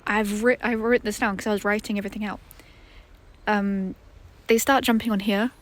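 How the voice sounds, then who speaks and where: A woman's voice: mid-range voice, fairly even intonation, moderate pace, a little hiss or hum. A woman vlogger telling a story to camera in a rambling, casual way, with many fillers and restarts, outdoors in a garden.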